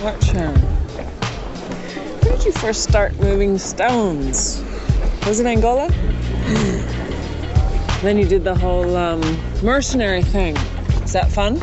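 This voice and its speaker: An actress playing a reporter who slowly questions a mercenary, in a film clip. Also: female voice, medium pitch, lively intonation. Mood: probing. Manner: slow, probing questions. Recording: film clip under loud music.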